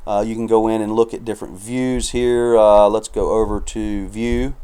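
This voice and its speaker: A man casually walking through software on a screen recording in a relaxed, chatty way, with frequent fillers and asides. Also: fairly low pitch, normal speed, smooth. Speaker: software reviewer.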